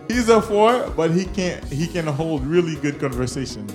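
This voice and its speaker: A host in casual chat, reading out rating prompts, animated and laughing. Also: mid-range voice, normal speed, faint music behind. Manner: animated, hyped, laughs loudly.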